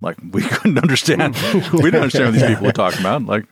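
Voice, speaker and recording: A man's voice: mid-range voice, expressive, fast, breathy edge, no echo. A man co-hosting a podcast, making dry, wry remarks between hesitations. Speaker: podcast co-host. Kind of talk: casual chat.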